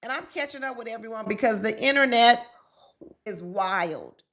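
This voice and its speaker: A woman's voice: fairly high pitch, steady tone, quick pace, fairly bright tone. Woman coach doing a chatty vlog rant, laughs a lot, talks right at the viewers. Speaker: relationship coach and commentator. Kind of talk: casual commentary vlog.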